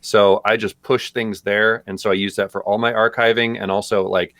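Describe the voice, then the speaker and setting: Lowish voiced guy rambling on a live stream, lots of ums, dry close sound. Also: level tone, moderate pace, a bit bright, no room sound. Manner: loose, rambling, lots of fillers. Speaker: co-host answering viewer questions. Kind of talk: casual live-stream chat.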